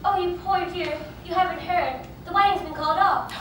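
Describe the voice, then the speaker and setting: A woman's voice: very high voice, moderate pace, fairly bright tone, slight background noise. A woman playing a flustered, melodramatic young starlet bride in a theatrical, breathless manner. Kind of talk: amateur stage musical acting. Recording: echoey hall, mic far from stage, music behind.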